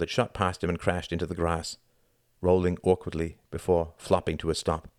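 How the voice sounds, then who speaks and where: A man reading an audiobook in a measured, deliberate style. His voice sits very low. The recording is close and dry, with no room sound. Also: steady tone, no room sound. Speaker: audiobook narrator. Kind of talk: scripted narration.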